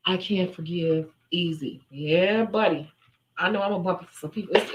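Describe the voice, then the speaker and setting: A young adult woman hosts a live Q&A stream, answering viewer questions in a casual, candid way and acting out other people's voices as she retells stories. Her voice sits on the low side, fairly bright, and she talks fast. The sound quality is lo-fi.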